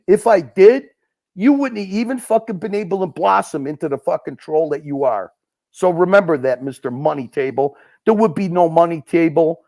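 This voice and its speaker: A man's voice: high-pitched, gravelly, darkish tone. A man hosting a livestream, ranting and hurling insults in profane, mocking chat. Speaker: livestream host.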